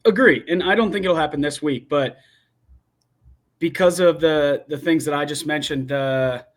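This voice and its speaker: A man's voice: fairly high pitch, normal speed. A young man talking college football in a casual, rambling way, restarting his sentences as he builds his opinions. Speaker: guest football commentator. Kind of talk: casual sports talk.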